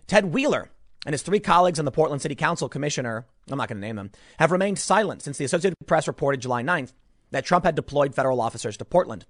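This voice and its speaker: A man giving opinionated news commentary, animated and sarcastic, sometimes mocking others in put-on voices. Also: on the high side, dry recording, studio quality. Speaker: political commentator.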